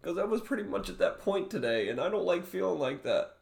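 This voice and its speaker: A man speaking in an emotional personal vlog, halting and close to tears, often restarting his sentences. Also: sits high, big pitch swings, vocal fry, darkish tone, reverberant. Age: adult father. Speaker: vlogger.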